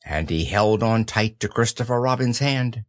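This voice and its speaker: A man narrating a children's audiobook with slow, expressive storytelling. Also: fairly low pitch, no echo, studio quality.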